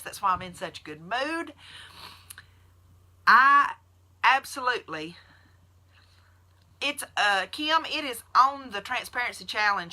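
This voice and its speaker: A woman's voice: mid-range voice, sharp tone. A woman, a nurse telling folksy stories directly to her followers on a live video. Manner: folksy storyteller, addresses viewers directly. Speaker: nurse hosting a keto support group.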